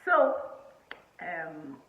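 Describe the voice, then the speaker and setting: A woman in her twenties from Nigeria, telling a personal story to camera in a chatty, animated way, laughing often and using many fillers. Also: sits low, extremely slow, reverberant, narrow, tinny audio, a little hiss or hum. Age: 20s. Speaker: vlogger.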